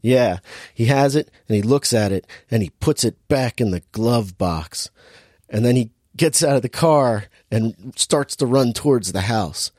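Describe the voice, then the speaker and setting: A man's voice: mid-range voice, unhurried, dry recording, clean studio sound. Laughing man recapping a movie. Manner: animated storyteller, laughs often, acts out quotes. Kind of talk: casual movie recap chat.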